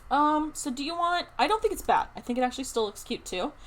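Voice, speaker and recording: Chatty, excitable young woman streamer. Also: high voice, quick pace. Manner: chatty, excitable, thinks aloud. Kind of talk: casual live-stream chat while playing a building game.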